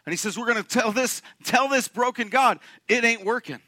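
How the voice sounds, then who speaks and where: A young man preaching a sermon to his congregation, animated and joking, often asking the room questions. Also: very high voice, a little fast, no room sound. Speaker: pastor. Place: church sanctuary.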